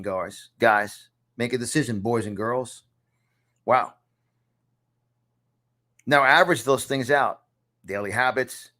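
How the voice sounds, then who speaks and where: His voice is medium in pitch with a fairly bright tone. A New Yorker in his fifties, he works as a podcast host and success coach, and from his home studio he hammers home key lines in a preacher-style motivational talk that is emphatic and punchy.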